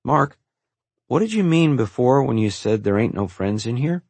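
A man's voice: mid-range voice, expressive, normal speed, a little mellow, slightly rough, no room sound, pitched above the performer's own voice. A man voicing a curious young boy newly arrived at an orphanage, eager and full of questions, in an audiobook. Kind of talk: audiobook character voice.

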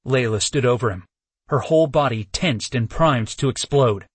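A man narrating a first-person novel as an audiobook, telling the story in an expressive way. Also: medium pitch, normal speed, slightly rough, no room sound.

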